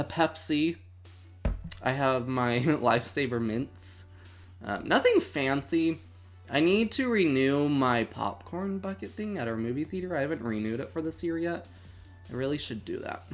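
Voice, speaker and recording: The host of this movie watch-along is a streamer in their twenties with a medium-pitched, fairly bright voice. Their casual livestream chat is dramatic and laced with mock outrage.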